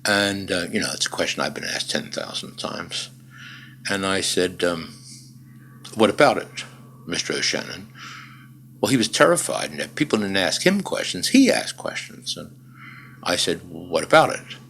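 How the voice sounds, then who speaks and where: Older male interview guest, very low and gravelly voice, emphatic storyteller with dry wit. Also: sing-song, moderate pace, fairly bright tone, slight background noise. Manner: emphatic, dry humor, frequent "uh" fillers. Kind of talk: conversational storytelling.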